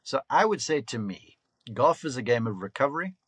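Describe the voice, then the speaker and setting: A man in his fifties, a golf coach and broadcaster, telling lively anecdotes and laughing often in a casual podcast interview. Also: medium pitch, fairly quick, husky, no room sound. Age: 50s.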